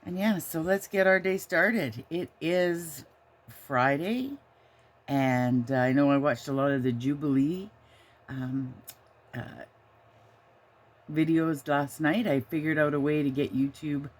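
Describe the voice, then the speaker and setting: A woman's voice: low voice, slow. An older woman hosting a knitting vlog, chatting casually and rambling, sometimes talking fondly to her dog, recorded on a handheld camera inside a small trailer. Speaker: knitting podcast host.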